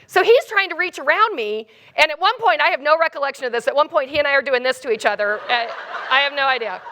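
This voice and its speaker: A woman keynote speaker telling a funny personal story in an animated, comic way. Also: high voice, fast.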